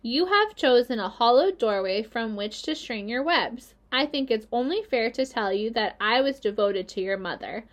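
A woman's voice: a little high, animated, normal speed, hardly any pauses, muffled recording, lightly acted. Earnest young pig, as a woman puts him on. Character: young male pig, gentle, earnest and emotional.

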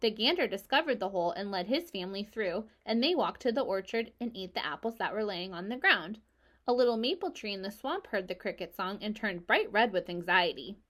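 A woman reading a children's book aloud, her voice sitting at an ordinary middle pitch. She keeps a steady, even storybook pace, calm and clear for young listeners. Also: a little fast.

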